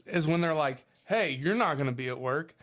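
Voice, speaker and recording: A man's voice: a little high, animated, unhurried, fairly bright tone. A man co-hosting a podcast, tossing in joking remarks, coughing and his voice cracking now and then. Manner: joking interjections. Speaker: podcast co-host. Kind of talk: casual podcast chat.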